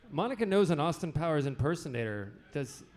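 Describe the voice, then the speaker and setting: A man's voice: on the high side, very animated, brisk, darkish tone. A man appearing as a guest at a live podcast show, talking in a hesitant, rambling way full of "you know". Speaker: guest musician. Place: live music venue stage.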